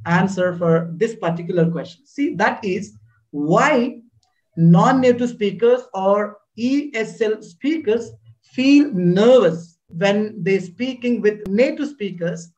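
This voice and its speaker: A man's voice: high voice, slow, rough recording. A man from India with an Indian English accent hosting an interview, asking questions politely with frequent thanks. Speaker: host.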